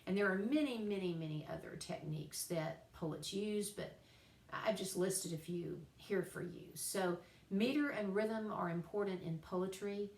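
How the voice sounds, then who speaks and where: A woman writing teacher giving a recorded class lecture, chatty and playful, slowing down to spell out examples. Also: medium pitch, darkish tone, reverberant, distant mic.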